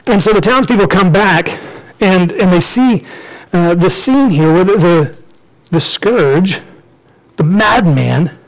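A man preaching a storytelling sermon, lively and joking as he acts out the characters. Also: high-pitched, slow pace, low-quality recording.

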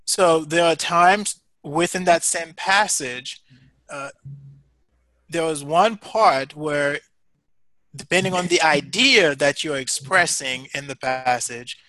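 A man's voice: a little high, slow, sharp tone, dry recording. A man teaching a class, giving patient, encouraging feedback with many fillers and restarts. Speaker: instructor.

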